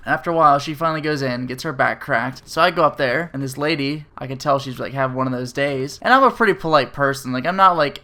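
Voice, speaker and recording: A man's voice: medium pitch, fast talker, few pauses, pushed and bright. A man giving a profane, exasperated comedic rant to the camera. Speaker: comedic ranter.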